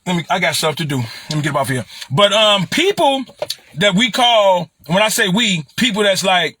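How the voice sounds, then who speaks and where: A middle-aged man from Chicago with a Chicago accent, talking on a livestream in an animated, preachy way and repeating phrases. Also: high voice, normal speed, slightly rough, no echo. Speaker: livestream commentator. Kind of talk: casual livestream talk.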